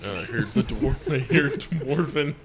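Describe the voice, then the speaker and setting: Guy doing a formal, courteous axe fighter, lively pitch, music behind. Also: a little slow, natural voice. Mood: polite. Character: polite, formal male adventurer with an axe. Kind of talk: tabletop role-play.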